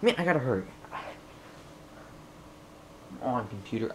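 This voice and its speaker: A young man narrates a casual unboxing at home as a tech vlogger, his medium-pitched voice fairly quick but pausing often. He rambles, talks to himself and to the computer, and gets frustrated as it loads. A faint hiss or hum is present.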